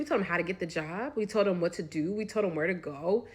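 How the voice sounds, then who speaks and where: A woman's voice: on the low side, fast talker. A woman giving opinionated, rambling casual commentary.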